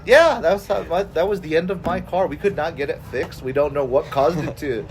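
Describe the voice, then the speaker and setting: A woman in her forties, co-hosting a podcast, telling a story in casual chat, animated and freely swearing. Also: low voice, fairly quick, a little hiss or hum. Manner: animated, acts out quoted voices, swears freely. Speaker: podcast co-host.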